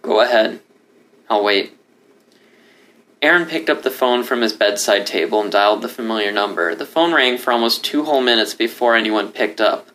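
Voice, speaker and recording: A man reading a story aloud as narrator, in a steady, expressive way. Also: fairly low pitch, fairly quick, hardly any pauses. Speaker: story reader. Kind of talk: audiobook narration.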